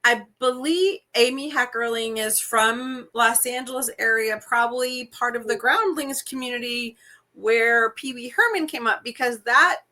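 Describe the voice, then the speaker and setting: A woman's voice: a little high, unhurried. A woman co-hosting a movie podcast, chatting casually and rambling with fillers. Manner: rambling, animated, with many fillers. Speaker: podcast co-host.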